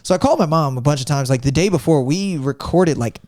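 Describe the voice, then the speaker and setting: A man from Florida, a comedian telling animated stories in a casual podcast chat, swearing freely and acting out voices. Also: a little high, fast, no room sound, clean studio sound. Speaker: comedian guest.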